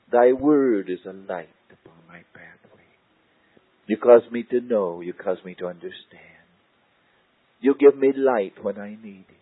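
A man preaching a sermon and praying aloud, repeating his phrases and often falling to a hushed voice. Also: lowish voice, slightly rough, dry recording. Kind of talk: sermon and spoken prayer. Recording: tinny, narrow-band lo-fi recording.

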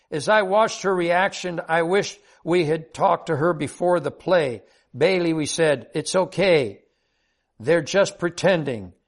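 Earnest, high-voiced older man. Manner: earnest and heartfelt. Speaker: devotional storyteller. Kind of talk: devotional personal story reading.

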